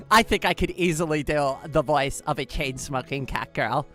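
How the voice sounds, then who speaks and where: A woman's voice: sits low, a little slow, faint music behind. A woman streamer chatting casually with her viewers, giggly and playful, often laughing at herself. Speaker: live streamer.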